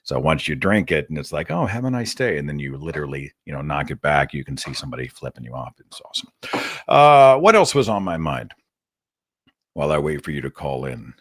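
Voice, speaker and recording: A man's voice: a bass voice, lively intonation, fairly quick, no echo, studio quality. A man with an Oklahoma accent hosting a live call-in show, talking in a chatty, wry way full of rambling asides. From Oklahoma, USA.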